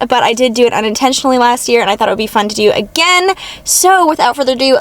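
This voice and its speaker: A young woman, chatting enthusiastically to camera as a vlogger. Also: high voice. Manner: chatty and enthusiastic, gushing over finds. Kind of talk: casual vlog chat.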